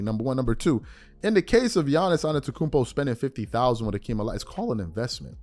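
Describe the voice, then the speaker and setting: A male podcast host rants bluntly about sports, mocking as he goes. His pitch swings widely, rising and falling with each point. The sound is dry and close, with faint music underneath. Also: fast, no room sound. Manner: animated, blunt and mocking, with mock-quoted asides. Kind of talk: opinionated commentary.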